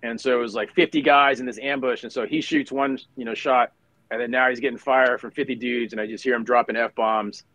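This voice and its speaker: A man's voice: mid-range voice, fairly even intonation, fairly quick, a bit bright, no echo, low-quality recording. Middle-aged man telling a war story. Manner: conversational, many fillers and restarts. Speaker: guest, retired Marine officer. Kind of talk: casual war story told in conversation.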